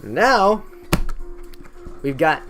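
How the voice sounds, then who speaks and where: A man's voice: on the high side, sing-song, extremely slow, fairly bright tone, faint music behind. Irreverent young man swearing through history. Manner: irreverent, swears constantly, drops into mocking quoted voices. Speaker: history explainer. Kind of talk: casual profane history narration.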